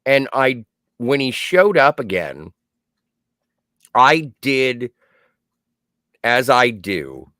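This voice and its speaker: A man's voice: sing-song, extremely slow, pauses often, bright, forceful tone, no room sound, clean studio sound. A man co-hosting a podcast, chiming in with enthusiastic casual comments. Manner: enthusiastic, swoops up and down in pitch. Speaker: podcast co-host.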